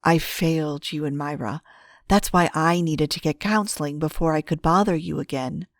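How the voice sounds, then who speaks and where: A woman reading the lines of a hoarse young husband who speaks slowly, softly and apologetically in an audiobook. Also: on the high side, fairly even intonation, dry recording, clean studio sound, lightly acted. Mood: remorseful, tender.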